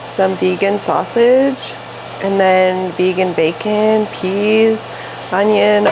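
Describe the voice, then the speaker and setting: A woman's voice: mid-range voice, slow, vocal fry, background noise. A young woman chatting casually in her apartment for a vlog, telling stories with lots of "like" and frequent swearing. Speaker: vlogger and fitness brand founder.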